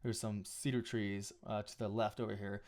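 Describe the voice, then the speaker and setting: A man's voice: fairly low pitch, little pitch movement, moderate pace, darkish tone. A man talking casually on a live stream while he edits photos, thinking aloud with frequent restarts and small asides. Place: home photo studio.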